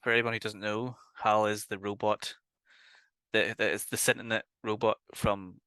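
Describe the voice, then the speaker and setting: A man's voice: lowish voice, little pitch movement, normal speed, pushed and bright, clean tone, no echo. A man with a Northern Irish accent, co-hosting a casual podcast. He talks eagerly, laughs a lot and swears freely. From Northern Ireland. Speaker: podcast co-host. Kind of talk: casual chat reviewing a film.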